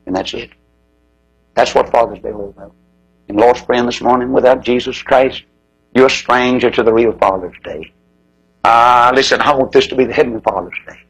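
Gravelly, husky preacher man. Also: brisk, low-quality recording. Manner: impassioned, swings from loud high cries to low hushed tones. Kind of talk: revival sermon.

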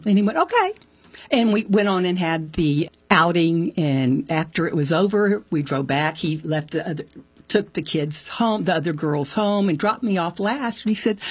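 A woman's voice: fairly low pitch, breathy edge, dry recording. A woman telling a personal faith story as an interview guest, acting out the voices of the people in it. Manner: animated storyteller, acts out quoted voices.

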